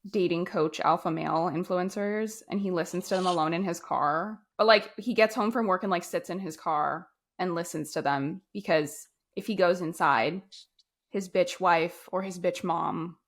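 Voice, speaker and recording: A woman's voice: fairly low pitch, normal speed. Sardonic young woman podcast co-host. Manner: sardonic, blunt, swears casually. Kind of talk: casual movie review chat.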